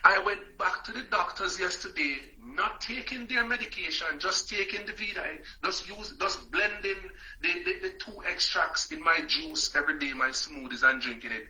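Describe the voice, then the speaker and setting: Man putting on a high, bright-voiced woman customer, breathless and overjoyed. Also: moderate pace, hardly any pauses, poor audio. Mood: elated. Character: frantic middle-aged woman customer, overjoyed.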